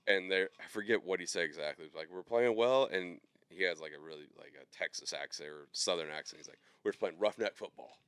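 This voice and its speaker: A very deep yet fairly bright and smooth voice belongs to this podcast co-host, captured dry. Loose and rambling, he talks casually about sports betting with heavy use of fillers.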